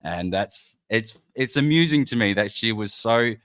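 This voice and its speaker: A man's voice: lowish voice, lively intonation, normal speed, a bit bright, dry recording, studio quality. A man co-hosting a casual news-and-banter podcast, teasing his partner and talking with many restarts. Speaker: podcast co-host.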